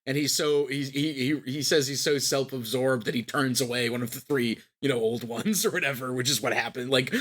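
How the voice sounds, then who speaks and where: A man's voice: medium pitch, fairly even intonation, a little fast, hardly any pauses, a bit bright. A man co-hosting a book podcast, retelling scenes in casual chat and laughing often. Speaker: podcast co-host.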